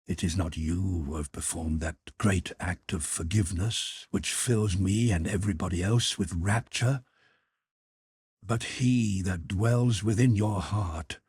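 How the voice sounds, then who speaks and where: A man's voice: sits low, a little slow, a little mellow, husky, no echo, heavily acted. A man doing a fervent, pious countess. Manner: fervent, soothing, preaching. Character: pious, ecstatic countess, older woman. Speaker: character in audiobook.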